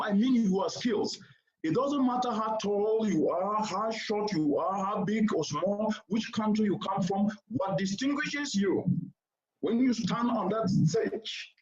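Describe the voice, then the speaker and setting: A man giving a formal keynote address to a seated audience, speaking in an oratorical, emphatic way and repeating points for stress. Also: high-pitched. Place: conference venue before a seated audience. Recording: roomy, slightly dull sound.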